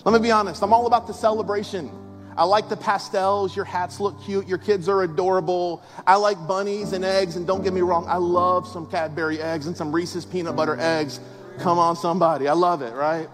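A man's voice: high-pitched, fairly even intonation, fairly quick. A male pastor delivering a sermon in a large church, conversational and emphatic, full of rhetorical questions to the congregation. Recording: long hall reverb with faint music.

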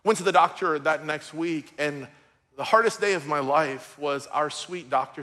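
A pastor in his thirties preaches a sermon, telling a personal story with strong emotion. His fairly high voice moves at a moderate pace, swinging from loud to hushed.

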